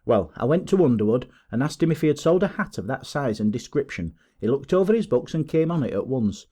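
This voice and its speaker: A man voicing a pompous, boastful male police detective in an audiobook, talking in excited, self-satisfied bluster. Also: medium pitch, brisk, voice pushed up.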